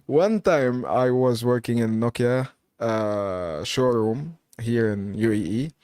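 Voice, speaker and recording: A man's voice: mid-range voice, animated, takes it slowly, darkish tone, dry recording, studio quality. A man hosting a live Q&A stream, chatting casually, laughing often and reading viewer comments aloud.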